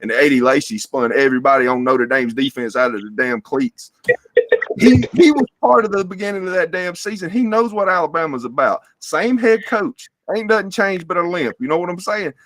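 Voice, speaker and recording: A man's voice: a little high, lively intonation, brisk, a bit bright, no echo. A man co-hosting a sports show, ranting in a fired-up, profane way about a rival team. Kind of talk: heated sports rant.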